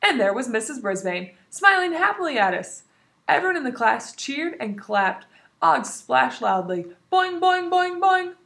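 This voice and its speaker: A woman teacher reading a children's book aloud in an expressive, animated way. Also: a little high, normal speed, gravelly. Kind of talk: storybook read-aloud. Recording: roomy echo.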